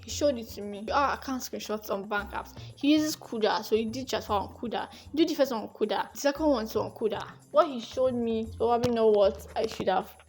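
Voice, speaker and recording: A young Nigerian woman vlogging casually, telling a personal story in a lively way and acting out the people she describes. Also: fairly high pitch, brisk, hardly any pauses, soft background music. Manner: lively, acts out the dialogue she recalls.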